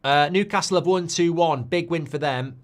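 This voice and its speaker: A man hosting a live football watchalong, chatty and animated, with quick asides about the scores. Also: on the high side. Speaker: host.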